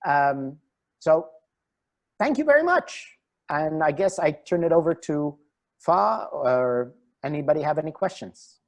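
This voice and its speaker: A middle-aged man, a relationship coach, giving a webinar talk over a video call and telling animated anecdotes. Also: a little high, unhurried, pauses often. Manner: animated storyteller, chuckles at himself.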